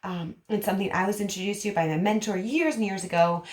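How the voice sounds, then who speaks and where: A woman speech therapist explaining to parents in an animated, demonstrative way, acting out emotions as she teaches. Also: mid-range voice, quick pace. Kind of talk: parent education vlog. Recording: roomy echo.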